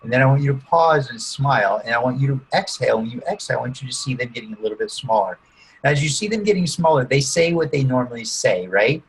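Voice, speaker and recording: A man working as a coach, calmly guiding listeners through a visualization exercise in an interview and often checking in with "okay?" and "right?". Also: medium pitch, fast, slight background noise, low-quality recording. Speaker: guest coach using neurolinguistic programming. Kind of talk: guided visualization during an interview.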